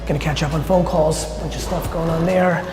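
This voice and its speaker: A man's voice: fairly high pitch, steady tone, brisk, a little mellow, faint music behind. A man vlogging his day and giving a motivational talk, blunt, intense and full of swearing. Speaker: entrepreneur vlogger and conference speaker. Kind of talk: casual vlog talk and motivational speech.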